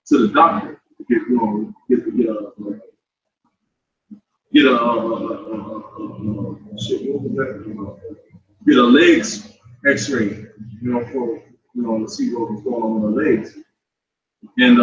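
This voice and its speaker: A man preaching in a loose, slangy and profane way, telling a personal story and laughing between points. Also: mid-range voice. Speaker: street preacher. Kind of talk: casual street sermon. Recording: dull, roomy, from far off.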